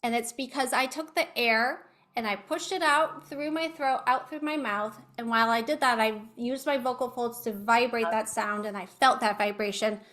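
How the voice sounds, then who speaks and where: A woman's voice: a little high, normal speed, a bit bright. A woman speech-language pathologist giving an online educational presentation over a video call. She patiently coaches listeners through voice exercises.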